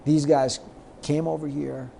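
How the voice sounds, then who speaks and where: Middle-aged male guest, mellow voice, animated storyteller who acts out quotes, faint noise behind. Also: a little high, unhurried, creaky. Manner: lively anecdotes, acts out quoted lines. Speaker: guest, sports marketer. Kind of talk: storytelling in a podcast interview.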